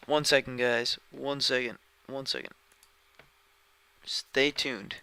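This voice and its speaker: A man's voice: medium pitch, fairly even intonation, slow pace, vocal fry, pushed and bright, clean tone, rough recording. A man live-streaming a game, chatting casually and rambling, often sidetracked mid-sentence, recorded at home on a dedicated microphone. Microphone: dedicated desk microphone.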